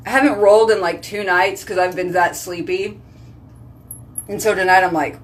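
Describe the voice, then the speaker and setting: A woman's voice: on the low side, normal speed. A woman, chatting casually in a vlog, sassy and joking as she rambles. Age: 30s. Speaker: vlogger.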